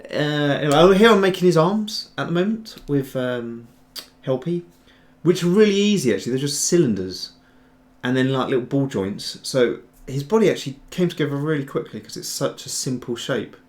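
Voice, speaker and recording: Male host, mid-pitched, loose and rambling, chats with viewers while sculpting. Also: expressive, normal speed. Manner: rambling, chatty, trails off and restarts; answers viewer chat while working. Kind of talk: casual livestream tutorial chat.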